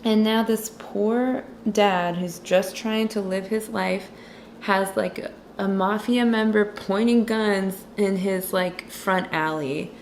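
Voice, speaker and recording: A woman's voice: medium pitch, steady tone, slow, slight background noise. A young woman chatting casually and sarcastically about a movie while she draws, rambling with lots of fillers. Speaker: vlogger recapping a movie while drawing. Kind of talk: casual chat.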